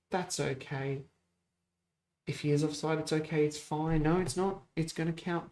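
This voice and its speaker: A man hosting a gaming channel, chatting casually through a football management game, rambling, correcting himself and getting excited over goals. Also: a little high, vocal fry. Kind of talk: casual let's-play commentary.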